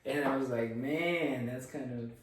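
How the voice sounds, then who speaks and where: A man's voice: medium pitch, normal speed, darkish tone. A man co-hosting a casual podcast chat, easygoing and rambling, laughing often. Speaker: podcast co-host. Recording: echoey room, distant mic, faint noise.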